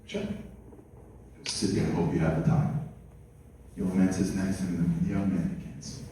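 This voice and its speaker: Male storyteller, lecture to an audience, animated, hushed then loud, distant mic, very echoey hall. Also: a little hiss or hum. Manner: animated storyteller, moving between hushed narration and loud high quoted voices. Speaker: guest speaker. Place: community center hall. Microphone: far from the mic.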